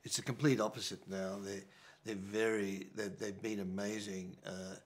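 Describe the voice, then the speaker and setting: An older Australian film director answering interview questions in a reflective, halting way, restarting and repeating words often. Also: male voice, fairly low pitch, level tone.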